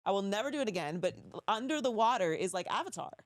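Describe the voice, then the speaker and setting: A woman's voice: medium pitch, lively intonation, fast talker, no echo, studio quality. Chatty, curious woman podcast host. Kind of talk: casual chat.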